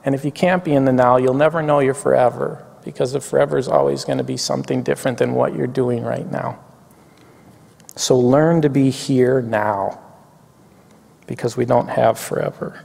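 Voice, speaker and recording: A man preaching a chapel sermon, reading poetry slowly and reflectively, getting a little weepy. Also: mid-range voice, fairly even intonation, vocal fry, a little mellow. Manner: reflective, reads poetry slowly, tearful at times. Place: campus chapel. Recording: long hall reverb.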